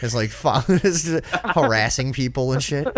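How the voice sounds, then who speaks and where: A man's voice: mid-range voice, moderate pace, a little hiss or hum. A man co-hosting a casual podcast, telling a rambling story with lots of swearing and mimicking the people in it. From northern United States. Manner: profane, animated, mimics people he talks about. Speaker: podcast co-host.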